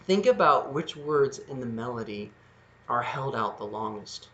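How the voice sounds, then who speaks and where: A man giving a video lesson on lyric writing, patiently explaining and slowly sounding out words. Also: mid-range voice, expressive, fairly bright tone, lo-fi sound. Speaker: music teacher.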